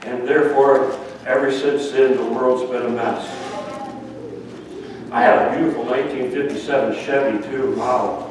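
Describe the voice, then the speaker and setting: A man's voice: mid-range voice, steady tone, normal speed, darkish tone, a little hiss or hum. An older man, a grandfather and pastor, preaching a sermon with playful asides and stories told to the congregation. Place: church sanctuary. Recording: echoey church hall from far off.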